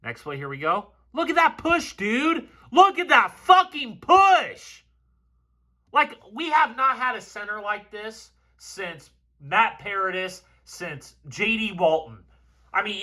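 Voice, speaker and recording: Male film analyst, high bright voice, hot-headed and profane, breaking down game tape. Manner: excitable, profane, gets fired up.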